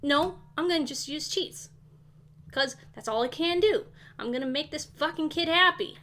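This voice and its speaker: A woman's voice: high voice, moderate pace, sharp tone. A woman streaming a game, casually chatting, exasperated and swearing as she scolds the characters. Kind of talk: casual live gameplay chat.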